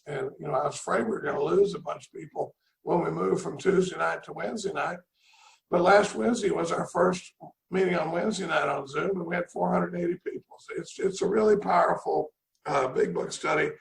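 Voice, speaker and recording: A middle-aged man tells his recovery story over a video call in a rambling, folksy way, repeating words as he goes. His voice is very gravelly and fairly high, and the room echoes. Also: a little fast. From Dallas, Texas. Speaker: recovery meeting speaker. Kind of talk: personal recovery talk.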